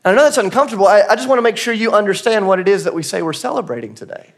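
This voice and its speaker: Man, pastor, church sermon, high voice, conversational, earnest. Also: animated, very fast, vocal fry. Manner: conversational, earnest, laughs at himself. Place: church auditorium.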